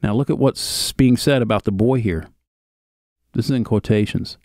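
A man's voice: on the low side, normal speed, dry recording, studio quality. A man narrating a video, reading an old written account aloud and stopping now and then for casual asides. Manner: steady reading, broken by casual spoken asides.

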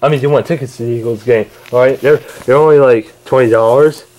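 A man's voice: medium pitch, fairly even intonation, quick pace, a little mellow. A man bickering and stammering through a homemade comedy skit in which he plays several characters.

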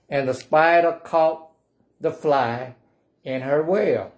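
Guy doing library storytime, real slow and drawn out, playful, gets the kids repeating lines. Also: fairly high pitch. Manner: playful, coaxes children to say the refrain along. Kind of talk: reading a picture book aloud to children.

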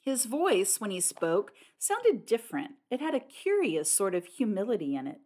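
A woman reading a classic mystery novel aloud as an audiobook narrator, with expressive delivery. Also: medium pitch, normal speed, hardly any pauses.

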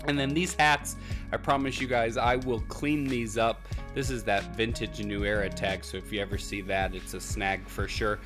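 A man's voice: fairly low pitch, fairly even intonation, normal speed, over music. Upbeat man showing off thrift finds. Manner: upbeat, bragging about finds. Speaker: vlog co-host, thrift reseller. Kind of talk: casual haul chat. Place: hotel room.

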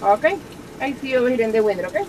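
A woman with a non-native accent working a drive-thru, taking an order in halting, formal phrasing. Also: on the high side, animated, background noise.

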